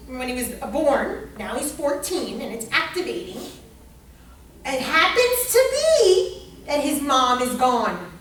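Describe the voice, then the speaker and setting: High-voiced woman teaching, swearing freely. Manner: emphatic and profane, swinging from hushed to shouting. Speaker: astrology teacher. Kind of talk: informal lecture to a small class. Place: indoor room with a group. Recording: very echoey room, mic far off, faint hiss.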